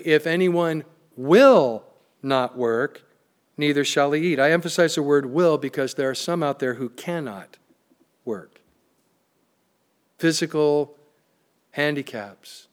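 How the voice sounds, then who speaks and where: A pastor preaching a sermon, emphatic and plain-spoken, with joking asides. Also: male voice, on the high side.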